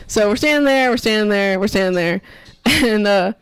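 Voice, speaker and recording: A woman co-hosting a casual podcast, telling a story in an animated, giggly way. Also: medium pitch, normal speed, smooth, no room sound, rough recording. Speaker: podcast co-host.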